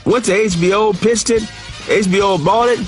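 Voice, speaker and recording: A man's voice: high-pitched, moderate pace. Man recalling his career, with music underneath. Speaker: comedian. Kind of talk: interview recollection.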